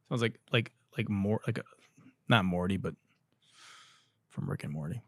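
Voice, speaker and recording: A man's voice: lowish voice, normal speed, gravelly, pauses often, a bit bright, no room sound, clean studio sound. A man hosting a comedy podcast, profane and exasperated, often breaking into laughter as he comments. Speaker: podcast host.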